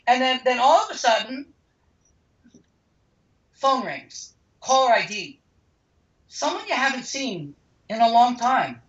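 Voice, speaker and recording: The speaker, a man with a very high-pitched voice, talks slowly with long pauses and big swings in pitch; the tone is a bit bright, but the highs are cut off. As the founder of a healing center in an interview, he tells animated stories emphatically and acts out the dialogue of those in them.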